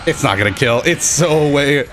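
A young man giving excitable, joking commentary over his own fighting-game matches, yelling at big moments. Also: medium pitch, brisk. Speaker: gaming channel host. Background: game music.

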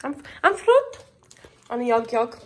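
A woman's voice: on the high side, very animated, unhurried, a bit bright. A young woman vlogging casually from a car, bubbly and giggly, cooing at dogs. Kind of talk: casual vlog chat. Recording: car noise behind.

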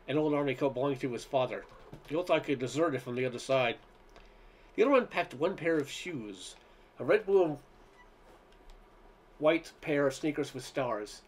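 A man with a slightly higher than usual voice reads a humorous essay aloud. His delivery is wry and unhurried, the way a storyteller lets each joke land. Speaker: reader.

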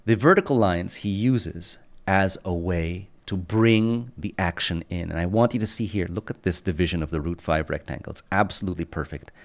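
Man, very low voice, art lesson, enthusiastic, repeats himself, says boom and bang. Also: normal speed, hardly any pauses. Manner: enthusiastic, repeats phrases, punchy sound effects. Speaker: art instructor. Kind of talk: screen-recorded art lesson.

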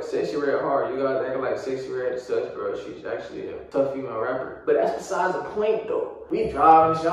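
Young man telling a story in an echoey room. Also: medium pitch. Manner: casual, slang-heavy storytelling with frequent fillers. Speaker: vlogger. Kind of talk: storytime vlog. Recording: very echoey room, voice far from mic.

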